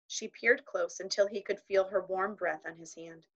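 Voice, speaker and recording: A woman narrates a children's novel aloud in a measured storytelling manner, with voices for its characters. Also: medium pitch, steady tone, muffled recording. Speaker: audiobook reader.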